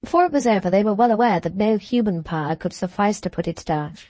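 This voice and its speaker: This is a female audiobook narrator reading a classic novel from a script, measured and even, her voice at a middle pitch. It's a dry recording, close-miked, with no room around it.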